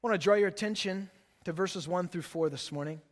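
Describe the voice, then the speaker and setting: A man in his late thirties, a pastor, preaching a sermon and telling stories in a relaxed, chatty way. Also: high voice, a little fast. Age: late 30s. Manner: relaxed, chatty storytelling with laughs. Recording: long hall reverb.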